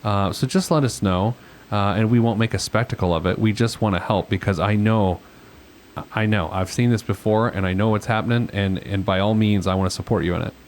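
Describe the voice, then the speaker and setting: A man's voice: fairly low pitch, fairly quick, slight background noise. A man hosting a financial advice podcast, chatting casually with a caller, rambling with lots of fillers and self-deprecating asides. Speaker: financial planner and podcast host.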